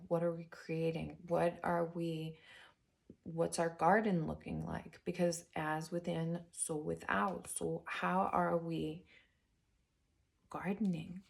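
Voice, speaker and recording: Woman, tarot reader and spiritual coach; unhurried, raspy-edged, chatty and excited with her viewers. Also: lowish voice. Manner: chatty and enthusiastic, addressing viewers as guys; drops to a whisper while turning cards. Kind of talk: casual tarot reading chat.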